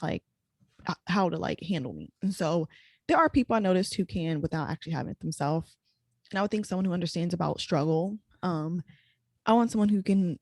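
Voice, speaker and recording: A young woman hosting a podcast, chatting casually and quickly with lots of "like" fillers. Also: lowish voice, darkish tone, no echo. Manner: rapid, chatty, full of "like" fillers. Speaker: podcast host. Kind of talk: casual chat.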